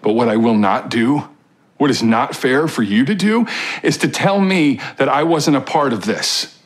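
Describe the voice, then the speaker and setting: An actor playing a devoted husband grieving a lost pregnancy, earnest and pleading in a TV drama scene. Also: male voice, mid-range voice, lively intonation, normal speed, natural voice. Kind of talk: TV drama acting.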